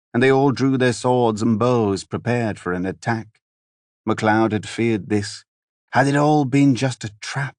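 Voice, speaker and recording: In scripted narration of a fantasy audiobook, a man with a medium-pitched voice tells the story in an even, measured way. The studio-quality recording has no room sound.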